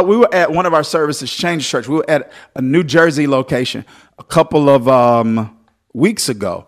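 A man preaching a sermon as pastor, swinging between loud, lively exhortation and softer storytelling. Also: a little high, normal speed.

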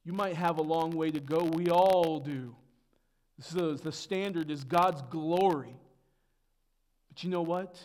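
A man preaching a sermon as pastor, dropping to hushed tones and then building to loud, emphatic peaks. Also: measured pace, long pauses. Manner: swings from hushed to booming emphasis.

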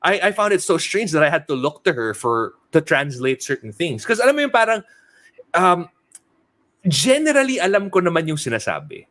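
A man in his thirties in casual podcast chat, switching between English and Tagalog, laughing often and tossing in quick asides. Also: on the high side, fairly bright tone. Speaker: podcast co-host.

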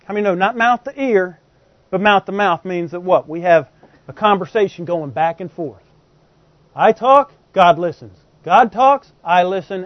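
A man with a high, bright-pitched voice delivers a sermon, talking to his congregation like a friend and peppering it with rhetorical questions. The recording is dry and somewhat dull, with little room sound. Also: no room sound. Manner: conversational, poses frequent rhetorical questions to the congregation. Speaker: preacher.

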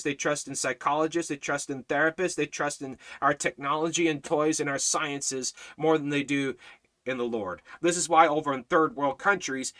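A man's voice: mid-range voice, a bit bright. A man giving a Bible study as a sermon, preaching fervently with emphatic, repeated lines that build in intensity. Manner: preaching with rising fervor, repetitive emphatic lines. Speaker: Bible teacher.

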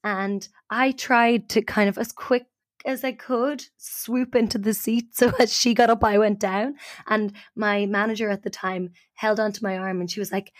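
A woman co-host telling a personal story with animated, self-mocking energy. Her pitch is mid-range for a woman, and the recording is close and dry with no room sound. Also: normal speed, no room sound. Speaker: podcast co-host. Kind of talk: casual storytelling.

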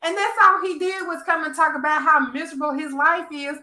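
A woman from the South, chatting casually and bluntly, full of profanity and animated emphasis. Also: high-pitched, fairly quick. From American South. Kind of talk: casual chat recapping a soap opera.

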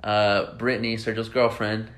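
Young guy hosting a podcast, lowish voice, gets worked up telling stories and swears a lot. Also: normal speed. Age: young adult. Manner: excitable storytelling, swears freely. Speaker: podcast host. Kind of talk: casual chat.

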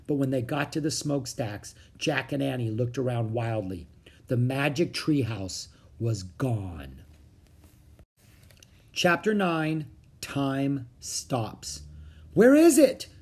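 Husky children's book narrator. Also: mid-range voice, takes it slowly. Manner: steady storytelling. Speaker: audiobook reader.

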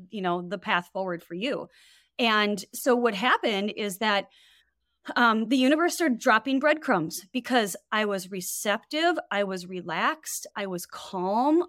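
Chatty woman with a fairly high voice. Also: dry recording, studio quality. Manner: animated, lots of fillers and quoted voices. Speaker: podcast guest, wellness coach. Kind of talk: casual storytelling chat.

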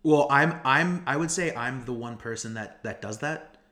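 A man's voice: mid-range voice, moderate pace, bright, forceful tone. A young man from Pennsylvania co-hosting a casual podcast chat, rambling with many restarts. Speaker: podcast co-host.

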